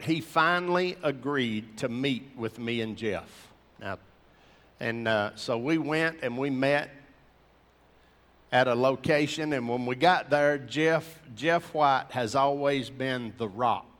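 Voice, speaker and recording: A man, an earnest preacher telling a personal testimony to a gathering of men in animated storytelling fashion. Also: medium pitch, long reverb tail.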